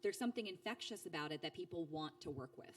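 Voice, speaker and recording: Animated chatty woman voice actor. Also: quick pace, recorded from a distance. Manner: animated, acts out quoted speech with big pitch jumps; chatty with frequent fillers and restarts. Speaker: voice actor guest. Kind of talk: casual storytelling interview.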